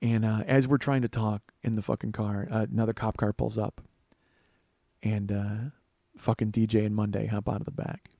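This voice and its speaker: A man's voice: on the low side, no echo. Profane storytelling man, dry close mic. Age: 40s. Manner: profane, animated, quick asides. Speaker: comedian podcast host. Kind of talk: comic storytelling monologue. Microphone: studio microphone he adjusts.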